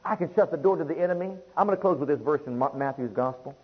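A man's voice: a little high, fast talker, slightly rough, dull audio. A man preaching a sermon in emphatic, rhythmic declarations, repeating phrases and building them up.

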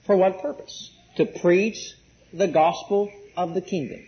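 A man's voice: sits high, fairly even intonation, moderate pace. Male preacher, emphatic sermon, quizzing the congregation, muffled lo-fi sound. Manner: emphatic, call-and-response questions to the congregation. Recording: muffled lo-fi recording.

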